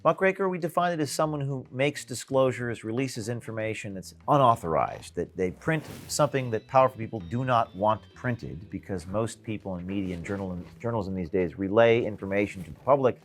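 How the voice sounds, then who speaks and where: A man from the United States answering rapid interview questions bluntly and with emphasis, now and then breaking into short laughs. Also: fairly low pitch. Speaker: interview guest, activist. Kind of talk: quick-fire interview answers.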